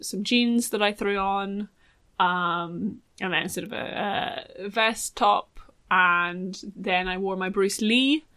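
A woman's voice: medium pitch, pushed and bright, no echo. Posh woman, dry close sound. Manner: self-conscious, posh phone voice. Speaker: podcast host. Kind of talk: casual podcast chat.

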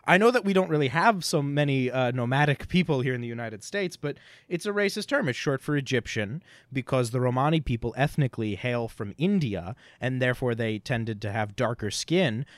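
Male podcast co-host, mid-pitched, sarcastic and animated, dry close mic. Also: a little fast, hardly any pauses, no echo. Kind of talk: casual chat.

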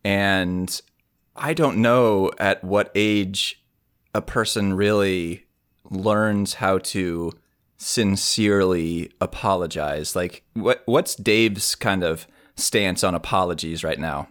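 A man's voice: sits low, slow pace, a bit bright. A man co-hosting a podcast in casual chat, chiming in with short wry remarks. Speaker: podcast co-host.

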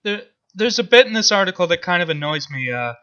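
A man's voice: high voice, very animated, quick pace, pushed and bright, dull audio. A man co-hosting a podcast in casual chat, hesitant, with many fillers and restarts. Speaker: podcast co-host.

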